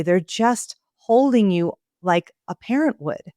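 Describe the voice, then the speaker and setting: A woman's voice: on the high side, animated, a little slow, warm tone, dry recording, studio quality. A middle-aged woman hosting an interview, reflective and affirming. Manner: reflective, affirming with frequent short responses. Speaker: podcast host, physician. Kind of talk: conversational interview.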